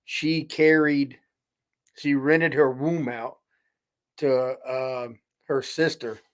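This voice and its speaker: Laid-back man with a higher voice. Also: fairly even intonation, slow pace. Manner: short reactions and laid-back asides. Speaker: podcast co-host. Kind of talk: casual chat.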